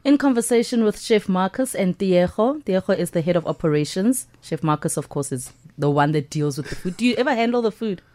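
A woman's voice: fairly low pitch, animated, fairly quick, hardly any pauses, warm tone, dry recording. A woman with a South African accent hosting a radio show, chatty and upbeat, with bits of Setswana. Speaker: radio host. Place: radio studio.

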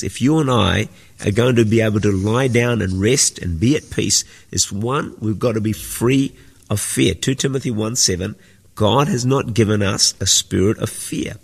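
Male pastor, sermon, gravelly husky voice, earnest teaching tone, long hall reverb. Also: fairly low pitch. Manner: earnest, teaching with repeated phrases. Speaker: senior pastor.

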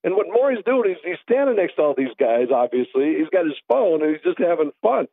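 A man's voice: on the high side, a little fast, creaky. A man, a sports radio host, telling stories in casual chat and acting out the people he quotes. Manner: animated, acts out quoted callers. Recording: tinny phone line.

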